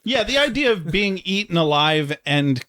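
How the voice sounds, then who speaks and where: A man's voice: high voice, very animated, moderate pace, sharp tone, dry recording. A man co-hosting a podcast, chatting casually about a TV episode, joking and swearing freely. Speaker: podcast co-host. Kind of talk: casual chat.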